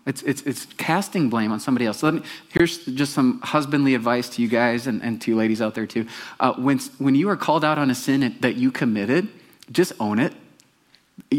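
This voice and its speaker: A man's voice: medium pitch, brisk. A male pastor giving a conversational sermon, often putting questions to the congregation.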